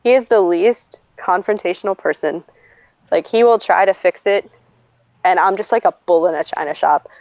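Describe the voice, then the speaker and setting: A woman's voice: lowish voice, normal speed, darkish tone, no room sound. Blunt, swearing woman on a dull mic. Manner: blunt, swears freely, laughs often while talking. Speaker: streamer host. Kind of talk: casual storytelling chat. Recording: dull lo-fi dry recording.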